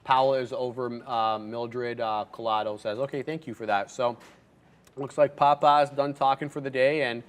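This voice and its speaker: A man's voice: medium pitch, fairly even intonation, moderate pace. Upbeat man calling trades live. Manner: upbeat, talks to chat. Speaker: day trader co-host. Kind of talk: casual live market commentary. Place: trading-floor studio.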